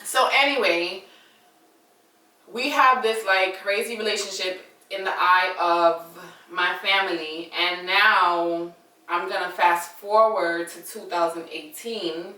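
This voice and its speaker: A woman's voice: on the low side, takes it slowly, pauses often, sharp tone, reverberant, far from the mic, poor audio. A young adult woman telling a story in a casual, dramatic way and talking straight to her viewers. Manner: chatty, dramatic, addresses viewers as y'all.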